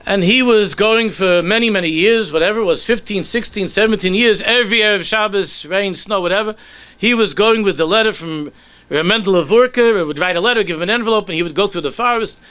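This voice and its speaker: A man, a rabbi, telling a story in a sermon with animated delivery that sinks to soft, low tones. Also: fairly quick, hardly any pauses, smooth.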